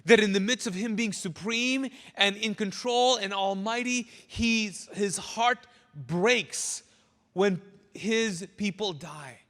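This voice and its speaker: A man preaching a sermon as pastor, animated and drawing answers out of his congregation. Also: high-pitched, slow, in a large hall. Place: church sanctuary.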